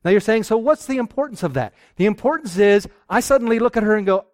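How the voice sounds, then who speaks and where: High-voiced animated male preacher. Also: fast talker, hardly any pauses, no echo, clean studio sound. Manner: animated, acts out husband-wife exchanges. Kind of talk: sermon to a live audience.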